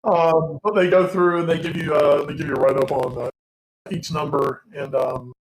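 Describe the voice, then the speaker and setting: A man's voice: a little high, steady tone, moderate pace, vocal fry. A tired man co-hosting a casual sports podcast, rambling with lots of ums and casual swearing. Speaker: co-host. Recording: echoey room.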